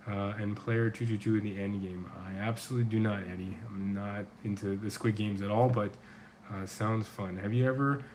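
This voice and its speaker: A man's voice: fairly low pitch, slight background noise. Middle-aged man, earnest livestream chat. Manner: earnest, loose and rambling with many fillers. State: sore throat. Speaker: men's coach and livestream host. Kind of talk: casual livestream chat answering viewer questions.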